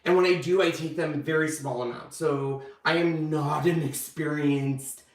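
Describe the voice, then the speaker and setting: Man host, chatty storyteller, slightly high voice, roomy echo, set back from the mic. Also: moderate pace, far from the mic. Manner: animated, acts out quotes with big pitch jumps. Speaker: channel host. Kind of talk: casual storytelling to viewers.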